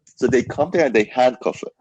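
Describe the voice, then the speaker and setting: A young man hosting a casual podcast chat, telling a story in an animated way, full of "like" and "dude". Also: medium pitch, brisk, breathy edge, lo-fi sound. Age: young adult. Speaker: podcast host.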